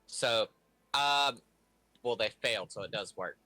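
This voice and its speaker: Bright-voiced man reading his spell rules. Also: fairly low pitch, no echo. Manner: reads rules aloud haltingly, with fillers. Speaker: player. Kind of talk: casual tabletop play.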